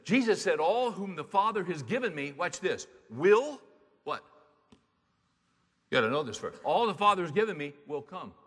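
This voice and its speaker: A man's voice: high voice, animated, moderate pace, fairly bright tone. Emphatic male preacher in a reverberant hall. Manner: emphatic, conversational preaching with rhetorical questions. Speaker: pastor. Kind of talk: sermon.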